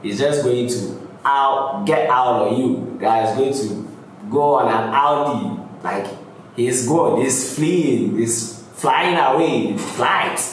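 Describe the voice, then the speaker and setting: A man's voice: medium pitch, slow, distant mic. A man hosting a music reaction, casually explaining rap lyrics line by line and laughing often. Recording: roomy echo, off-mic, faint background noise.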